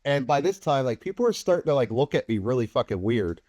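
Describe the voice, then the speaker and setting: A man's voice: mid-range voice, fast talker, no room sound. Man swapping casual stories, dry sound. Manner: animated, acts out other people's remarks, swears casually. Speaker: podcast guest, filmmaker. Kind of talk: casual anecdotal storytelling.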